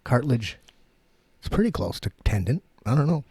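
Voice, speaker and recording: A man's voice: medium pitch, very animated, normal speed, mellow, husky, no room sound. A man co-hosting a podcast in a studio, telling a long rambling story with heavy swearing and lots of fillers. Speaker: podcast co-host. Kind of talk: casual chat.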